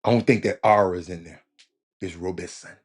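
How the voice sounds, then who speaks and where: A man hosting a casual talk show, rambling and stammering through comments with loud exclamations. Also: deep voice, a little fast, breathy edge.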